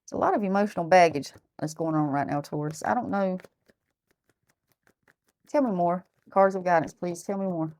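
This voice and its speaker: A woman's voice: lowish voice, moderate pace, long pauses, darkish tone. A woman giving a casual tarot reading who talks bluntly, thinks aloud and repeats herself. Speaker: tarot reader.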